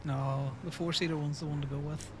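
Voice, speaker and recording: A man's voice: a little high, level tone, fairly quick, slight background noise. A young man casually rambling through a story while livestreaming a game, laughing and swearing freely. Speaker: streamer.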